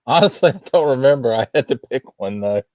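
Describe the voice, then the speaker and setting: A man's voice: medium pitch, animated, brisk, darkish tone, no echo, clean studio sound. A man chatting casually as a panel guest in an offhand, laid-back way. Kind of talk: casual chat.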